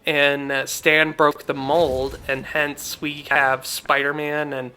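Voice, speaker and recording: A man's voice: a little high, flat delivery, takes it slowly, bright, forceful tone, slight background noise. A young man hosting a gaming channel, chatting casually and heartfelt over gameplay, rambling with many fillers.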